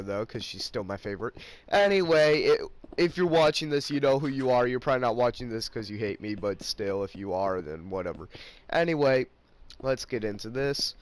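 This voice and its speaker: A young man giving casual gameplay commentary, rambling and ranting about a friend and mimicking him in mocking voices. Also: medium pitch. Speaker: gaming channel host.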